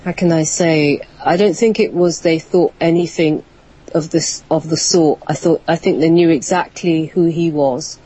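A woman with a British accent, a guest calling in to a radio show, soft-spoken and a little hesitant. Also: low-pitched, steady tone, moderate pace, slightly rough. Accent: British English. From England. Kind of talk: phone-in interview. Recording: dull lo-fi phone call.

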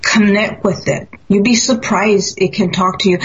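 An earnest woman talking in a relaxed, storytelling way and slipping into little voices for the people in her tale. Her voice sits in an ordinary middle pitch. The sound is dull and lo-fi. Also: moderate pace. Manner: earnest, storytelling, acts out quotes. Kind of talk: casual spiritual chat. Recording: dull lo-fi audio.

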